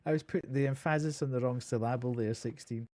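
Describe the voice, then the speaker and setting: Slow-talking man streaming a game. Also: medium pitch, a little hiss or hum. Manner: chatty, laughs often, talks to chat. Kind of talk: live gameplay commentary.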